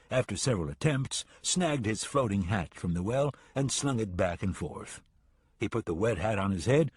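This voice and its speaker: A male audiobook narrator with a low, husky voice. His delivery is measured but lively in pitch. The recording is close and dry. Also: dry recording.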